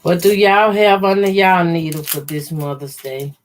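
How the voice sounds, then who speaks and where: A quilter hosting a sewing livestream chats casually with her viewers while she sews quilt blocks, calling them "y'all" in a slow, easygoing running commentary. Her voice sits on the low side, with slight background noise in the recording.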